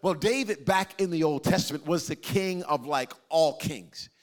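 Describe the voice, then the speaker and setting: Animated, higher-voiced preaching man. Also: normal speed. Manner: animated, conversational preaching with jokes and crowd interaction. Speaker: pastor. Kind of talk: sermon to a live and online congregation.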